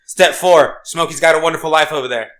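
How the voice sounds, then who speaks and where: A man's voice: on the high side, quick pace, fairly bright tone. A man co-hosting a casual podcast chat, teasing and sarcastic as he retells a friend's story. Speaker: podcast co-host.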